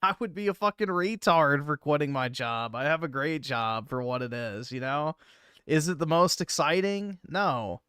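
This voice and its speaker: Smooth-voiced man chatting casually. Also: moderate pace, bright, forceful tone, no room sound, clean studio sound. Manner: laid-back, swears casually, mumbles low asides. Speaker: livestream host. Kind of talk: casual stream chat.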